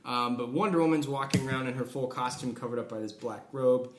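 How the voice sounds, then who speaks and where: A man's voice: mid-range voice, steady tone, brisk. American man recapping a movie, roomy echo. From United States. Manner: recaps scenes with quoted voices, filler-heavy. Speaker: podcast co-host. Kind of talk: casual movie review chat. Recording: echoey room with faint noise.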